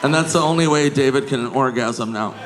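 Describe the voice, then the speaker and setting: A man telling stories on a comedy stage, animated, acting out the people in his stories and laughing at his own jokes. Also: mid-range voice, fairly quick. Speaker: stand-up comedian. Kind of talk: stand-up storytelling. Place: comedy stage before a live audience. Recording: live crowd laughter and noise.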